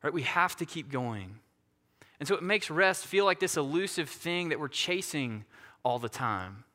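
Man, pastor, sermon, bright tone, conversational, long hall reverb. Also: fairly high pitch, animated, normal speed. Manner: conversational, self-deprecating, asks "right?" often.

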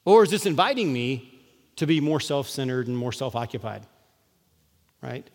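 A pastor preaching in an easygoing, joking way, with a mid-range man's voice. He shifts between slow, solemn lines and quick asides. His words ring out through a church hall with long reverb. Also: medium pitch, expressive. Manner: conversational, humorous, acts out quoted voices. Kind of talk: sermon.

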